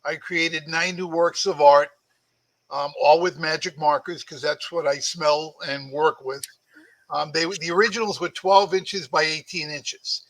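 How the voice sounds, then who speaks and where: A man's voice: on the high side, fairly even intonation, unhurried, a bit bright, low-quality recording. A man with a Boston accent, a guest artist chatting casually on a podcast about his work. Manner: chatty, storytelling, self-promoting.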